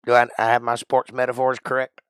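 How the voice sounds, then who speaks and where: A middle-aged man from Georgia with a Southern accent, chatting playfully and rambling on his livestream, now and then bursting out loud. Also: medium pitch, monotone, brisk, clear, resonant tone, no room sound, clean studio sound. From Georgia, USA. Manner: playful, rambling, jokey with sudden loud outbursts. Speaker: livestream host. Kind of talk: casual livestream chat.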